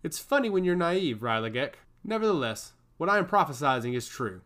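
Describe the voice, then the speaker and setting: A man's voice: fairly high pitch, sing-song, a little fast, a bit bright. A man voicing a smug, scheming male servant of a god who taunts and giggles, in a storybook reading.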